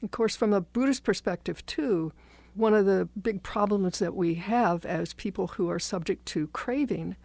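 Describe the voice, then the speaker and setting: Radio guest: woman academic, gravelly fry in her voice, dry close sound, musing and wry. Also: medium pitch, moderate pace, a little mellow, dry recording. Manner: reflective, wry, digressive. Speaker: philosophy professor, radio guest. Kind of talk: thoughtful conversational explanation.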